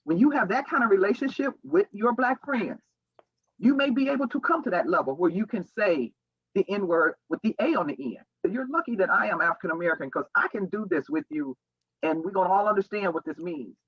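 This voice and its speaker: A man's voice: sits high, expressive, a little fast, husky, no echo, lo-fi sound. A man giving a public speech to a crowd in an emphatic, cautioning way. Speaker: speaker addressing an audience.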